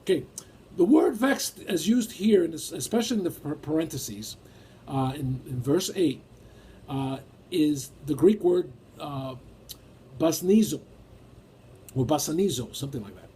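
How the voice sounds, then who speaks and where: A man's voice: fairly high pitch, animated, normal speed, warm tone, slight background noise. A man preaching a sermon and reading scripture aloud in an emphatic way. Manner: emphatic, rises when acting out feelings.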